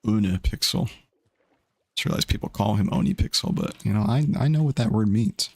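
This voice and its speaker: A man's voice: on the low side, expressive, moderate pace, vocal fry, darkish tone, husky, no room sound. A young man casually chatting while streaming a game, rambling and laid-back. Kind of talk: casual gaming stream chat.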